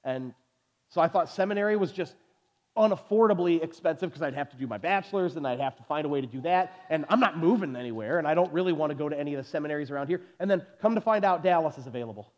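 Animated preacher man, lo-fi sound. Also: fairly high pitch, fast. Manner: animated storytelling, drops to soft intense delivery. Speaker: pastor. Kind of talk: sermon. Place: church sanctuary.

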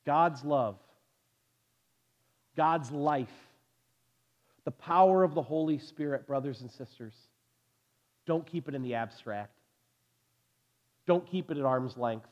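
A pastor in his forties preaching a sermon in a church, telling stories with animated energy and then dropping to soft, intense delivery. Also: on the high side, takes it slowly, long pauses. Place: church sanctuary.

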